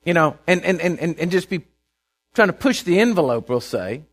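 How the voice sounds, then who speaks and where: A man from Texas with a Texan accent, telling a folksy, animated sermon story and often repeating himself as he goes. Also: fairly high pitch, moderate pace.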